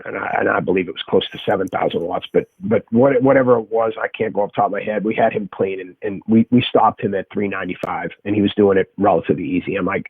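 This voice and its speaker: A man's voice: on the low side, steady tone, fast talker, hardly any pauses, husky, no room sound. A man with a Boston accent, a strength coach explaining his methods in an emphatic podcast interview, restarting often. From Boston area. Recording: tinny phone-like remote call.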